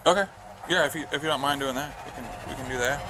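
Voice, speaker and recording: A man questions a witness as a police officer, easygoing and reassuring. His voice sits in a mid range. Clear hiss and noise run under the bodycam recording. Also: mid-range voice, fast.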